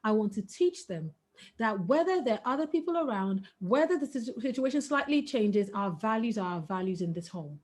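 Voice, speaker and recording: Earnest, higher-voiced woman giving parenting advice. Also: animated, brisk, darkish tone. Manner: earnest, emphatic, breaks into laughter. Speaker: guest speaker on parenting.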